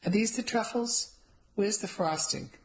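A woman's voice: mid-range voice, expressive, measured pace, pitched above the performer's own voice, low-quality recording. A woman voicing a cheerful, boisterous middle-aged father who loves hosting parties. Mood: jovial. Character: hearty middle-aged father, jovial party host.

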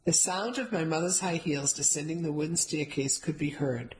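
A woman's voice: low-pitched, normal speed, a little mellow, rough recording. A woman narrating a first-person novel, telling the story steadily with light character voices. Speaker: audiobook narrator.

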